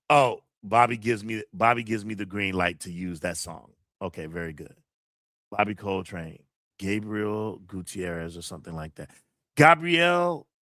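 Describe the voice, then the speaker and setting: A man hosting a casual livestream, excitable, repeating phrases and talking to his chat. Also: on the low side, no room sound, studio quality. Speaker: livestream host.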